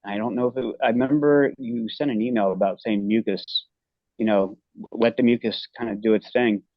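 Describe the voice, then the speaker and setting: A man as an interview guest, telling a personal story in a halting, earnest way with many restarts. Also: on the low side, steady tone, no echo, dull audio.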